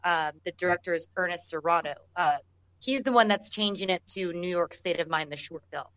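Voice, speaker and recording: A woman's voice: fairly low pitch, brisk, fairly bright tone, no room sound, rough recording. A woman, an actress, telling stories in a casual, rambling way, often restarting sentences and laughing as she talks. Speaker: actress guest. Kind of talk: casual storytelling in an interview.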